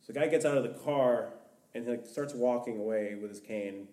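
This young man's voice is mid-range and mellow, and he talks a little fast. As a podcast guest, he wanders through a lengthy story in a casual chat, filling it with "like," while the distant mic picks up an echoey room.

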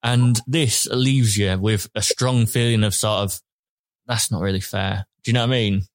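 A man's voice: mid-range voice, fairly even intonation, moderate pace, clean tone, no room sound. Rambling man in a dry room. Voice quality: rambling, hesitant phrasing. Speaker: podcast co-host. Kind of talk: casual chat, reviewing a series.

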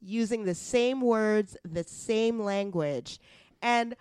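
A woman's voice: mid-range voice, slow, a little mellow, smooth, no echo. Blunt, outspoken Canadian woman co-host. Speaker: podcast co-host. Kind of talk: casual chat.

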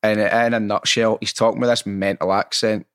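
Guy hosting a chat, swears a lot, lowish voice, dry sound. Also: moderate pace, clean tone, no echo. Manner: animated, sweary storytelling. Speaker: podcast host. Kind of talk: casual interview chat.

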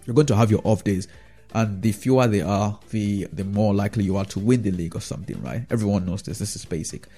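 A man with a fairly low, mellow voice talks through his football opinions in a loose, rambling monologue. He keeps tossing in tag questions to the listener as he goes. Faint music sits low behind him. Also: fast, slightly rough. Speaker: football fan vlogger.

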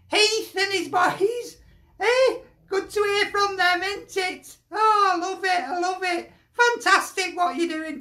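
A woman's voice: very high-pitched, bright, forceful tone. A woman from Burnley with a broad Lancashire accent, chatting and joking about her football team in a fan reaction video. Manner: chatty, jokey, laughs often, broad dialect. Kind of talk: casual fan reaction chat. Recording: echoey room.

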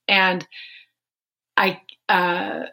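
A woman's voice: fairly low pitch, level tone, extremely slow, gravelly, sharp tone. A middle-aged woman hosting a podcast, telling a personal family story with emotion and some laughter. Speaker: podcast host. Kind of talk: casual podcast conversation.

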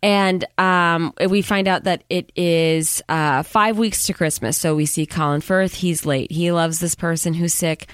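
Podcast co-host, woman, sarcastic and chatty, smooth low-ish voice, dry close sound. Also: steady tone, measured pace, hardly any pauses, no echo. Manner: chatty, sarcastic, acts out characters' lines. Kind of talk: casual chat reviewing a movie.

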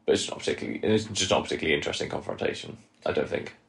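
Deep gravelly young guy, stammers and repeats himself, chill podcast chat. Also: a bit bright. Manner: hesitant, repeats words, measured opinions. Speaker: podcast co-host. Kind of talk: casual chat.

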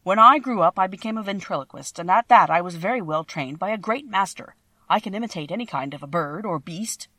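A woman's voice: medium pitch, expressive, fairly quick, bright, forceful tone, no echo. A woman voicing a timid little male wizard who is a humbug, speaking meekly in a trembling voice. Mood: storytelling. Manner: trembling, meek, pleading.

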